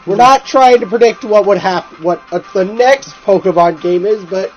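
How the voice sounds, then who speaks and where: A man's voice: high-pitched, moderate pace, darkish tone. Stuffy-nosed man rambling with restarts. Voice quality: nasal. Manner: rambling, many restarts and fillers. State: stuffy nose and sore throat. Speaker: gaming video co-host. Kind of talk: casual chat. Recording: slightly dull recording with faint music.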